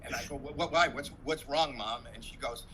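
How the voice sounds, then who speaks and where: A man on a video-call panel, telling a candid personal story in an animated way. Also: mid-range voice, a little fast, slight background noise, poor audio. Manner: animated storyteller, acts out swearing quotes. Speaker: comedian panelist.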